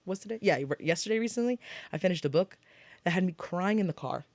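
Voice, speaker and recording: A young woman co-hosting a podcast, chatting casually and telling animated stories about shows and books, acting out what people said. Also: lowish voice, no echo. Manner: rapid gossipy storytelling, acts out quotes. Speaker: podcast co-host. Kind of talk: casual chat.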